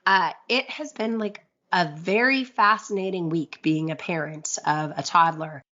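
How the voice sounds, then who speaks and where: A woman in her thirties co-hosting a podcast in casual chat, a little husky from a cold, chatty and upbeat. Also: lowish voice, a little slow, bright, forceful tone, lo-fi sound. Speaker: podcast co-host.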